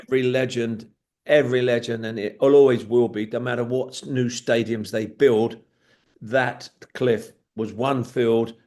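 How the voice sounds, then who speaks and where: A man's voice: medium pitch, steady tone, a little slow, darkish tone. An older man, a retired footballer telling rambling stories and acting out the old dialogue. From England. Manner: rambling, acts out quoted dialogue, chuckles. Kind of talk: storytelling anecdotes.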